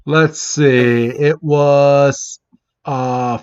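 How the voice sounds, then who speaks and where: A man's voice: medium pitch, fairly even intonation, darkish tone, smooth. A man co-hosting a podcast, recapping an episode in casual chat with frequent restarts. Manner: halting, stop-start delivery. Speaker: podcast co-host. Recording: dull lo-fi audio.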